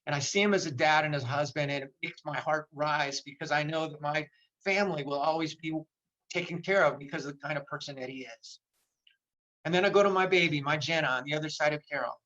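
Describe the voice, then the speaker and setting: A man's voice: fairly high pitch, fast, sharp tone, dull audio. An older man giving an impassioned motivational talk in a virtual seminar, repeating phrases for emphasis. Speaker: motivational speaker. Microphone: video call.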